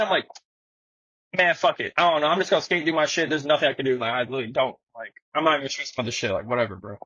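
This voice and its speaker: Slangy young man, husky voice. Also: a little high, no room sound, lo-fi sound. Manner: slangy, animated, swears a lot, acts out quotes. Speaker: guest skateboarder. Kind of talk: casual storytelling.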